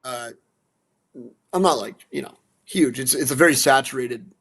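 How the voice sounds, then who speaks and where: A man from central Alberta talking casually as a guest, animated and blunt, swearing now and then, restarting and repeating words. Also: medium pitch, moderate pace, breathy edge. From central Alberta, Canada. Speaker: guest, musician and dog rescue advocate. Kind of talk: casual storytelling.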